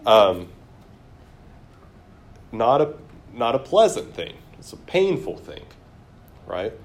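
A man's voice: medium pitch, very animated, slow pace. A man leading a Bible class in a room, putting questions to the group and reading scripture aloud. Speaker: Bible study teacher. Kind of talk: interactive Bible class teaching.

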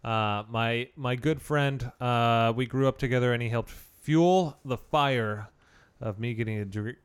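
A man co-hosting a podcast, chatting casually with playful quick jokes. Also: medium pitch, clear, resonant tone. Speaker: podcast co-host. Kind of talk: casual chat.

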